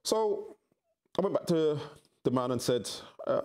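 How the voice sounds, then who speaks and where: A middle-aged man telling his story candidly in an interview, acting out quoted voices with big jumps in pitch. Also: lively intonation, measured pace, a little mellow. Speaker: interview guest.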